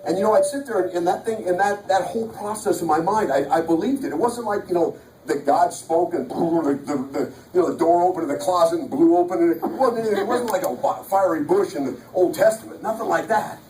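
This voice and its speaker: A man's voice: high voice, a little fast, warm tone, a little hiss or hum. A man giving an emphatic motivational speech to an audience, telling his life story and repeating key lines. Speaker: motivational speaker. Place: large event hall. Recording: echoey hall, mic from a distance.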